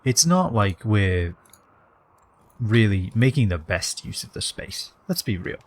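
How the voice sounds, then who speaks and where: Lively man rambling over a game. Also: lowish voice, unhurried. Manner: rambling and jokey, drifting into put-on accents. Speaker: game streamer. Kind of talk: casual let's-play commentary.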